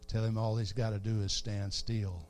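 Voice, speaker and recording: A preacher lowering his voice to play God as a still small voice, low, hushed and soothing, speaking gently inside a sermon. The voice drops far below his normal preaching register. It stays soft and quiet, with no push or strain. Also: little pitch movement, normal speed, faint music behind, close to an everyday voice. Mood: calm reassuring.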